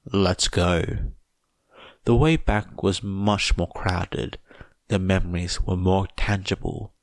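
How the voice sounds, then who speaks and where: A man reading fan fiction aloud as a podfic narrator, in a measured, even way. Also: sits low, dry recording. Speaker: podfic reader.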